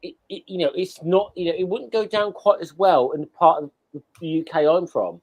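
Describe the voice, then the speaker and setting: Man, slightly high voice, hesitant, halting, casual chat. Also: a little mellow. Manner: halting, hesitant, searches for words. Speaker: podcast co-host.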